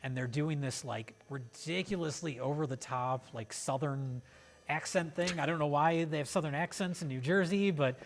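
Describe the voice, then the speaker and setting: A man's voice: on the high side, normal speed. A man hosting a casual film review podcast, rambling and enthusiastic with many fillers. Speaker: podcast host.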